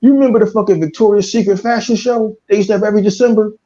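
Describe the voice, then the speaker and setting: A man co-hosting a casual podcast, telling stories in a loud, profane way and slipping into impressions. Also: high voice, rapid-fire. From Philadelphia area. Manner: profane, animated storytelling with impressions. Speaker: podcast co-host. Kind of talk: casual chat. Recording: dull lo-fi stream audio.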